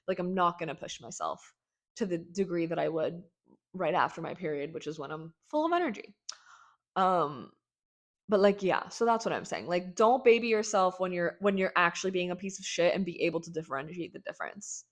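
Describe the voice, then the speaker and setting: A woman's voice: lowish voice, a little fast. A young woman hosting her own podcast, rambling casually with many fillers, swearing and joking irreverently. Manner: chatty, filler-heavy, irreverent, swears and jokes. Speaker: podcast host.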